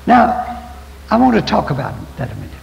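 A man's voice: high voice, huge pitch swings, a little fast, vocal fry, slight background noise. An older man preaching a folksy, storytelling sermon as pastor. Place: church sanctuary. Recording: echoey church hall, dull lo-fi 1990s tape.

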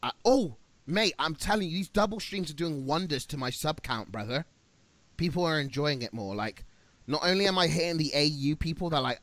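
A man's voice: a little high, expressive, fairly quick, fairly bright tone, no room sound. A young Australian man streaming, chatting casually with crude, teasing banter and frequent laughter.

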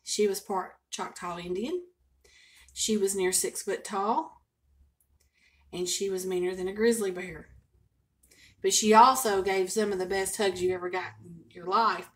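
Folksy older woman storyteller. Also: medium pitch. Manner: folksy, chatty, expressive storytelling. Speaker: home cooking vlogger. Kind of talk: casual storytelling to camera.

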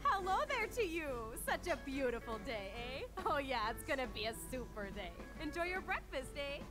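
A woman's voice: sits high, sing-song, moderate pace, over music. An actress voicing an overly cheerful woman with an odd accent in a video game, chirpy and sing-song. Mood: cheery.

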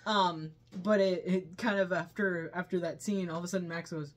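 A woman's voice: fairly low pitch, fairly even intonation, normal speed. A woman reviewing a movie in casual chat, laughing often as she retells scenes.

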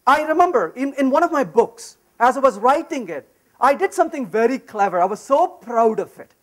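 Man, conference speaker, high voice, lively swooping delivery, emphatic storytelling. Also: fairly quick. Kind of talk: lively technical talk with personal anecdotes. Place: conference session room.

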